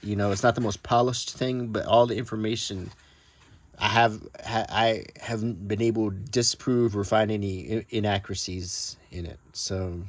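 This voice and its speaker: A soft-spoken man shows his book collection, musing casually and without a script, meandering with many ums and restarts. His voice is fairly low and steady, and he reads old newspaper text aloud in a measured tone.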